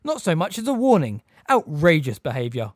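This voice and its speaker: A man's voice: high voice, big pitch swings, normal speed, a little mellow, no echo, studio quality, voice pushed up. A man doing a fussy elderly wizard examiner. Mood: scandalized. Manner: fussy, scandalized exclamations.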